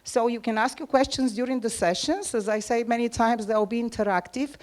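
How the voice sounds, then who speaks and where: A woman's voice: on the high side, fairly quick, a little mellow. A woman presenting a live seminar, speaking directly to the audience and inviting them to ask questions.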